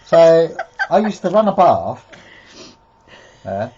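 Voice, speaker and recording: A man's voice: fairly high pitch, sing-song, takes it slowly, a little mellow, husky, muffled recording. A man co-hosting a casual live stream, telling rambling stories and laughing at himself. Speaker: co-host.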